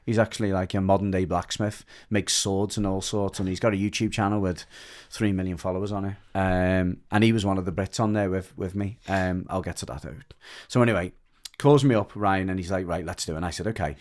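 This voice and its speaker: A man from the UK, a dog trainer guesting on a podcast, telling a story in rambling, animated casual chat full of restarts. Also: deep voice, brisk. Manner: rambling and animated, with frequent restarts and lively mimicry of others.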